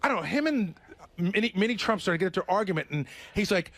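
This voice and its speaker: A man's voice: sits high, no echo. A middle-aged man, a regular on a radio talk show, telling a story in casual chat. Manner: rapid, excitable storytelling.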